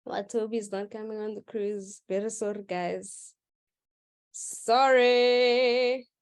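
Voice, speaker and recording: Woman, maths teacher, online lesson, playful, teasing, slow pace. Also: a little high, a little mellow. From South Africa. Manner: playful, teasing, laughs with students. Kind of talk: live online class.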